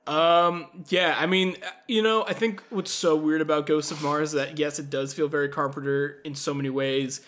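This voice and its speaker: A man's voice: fairly high pitch, steady tone, normal speed, hardly any pauses, fairly bright tone. A young man co-hosting a casual film podcast, laid-back and swearing as he talks through scenes. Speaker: podcast co-host.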